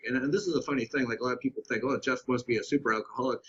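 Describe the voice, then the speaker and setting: A man as a podcast guest, telling a candid personal story in a reflective, halting way with many restarts. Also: medium pitch, bright, forceful tone, muffled recording.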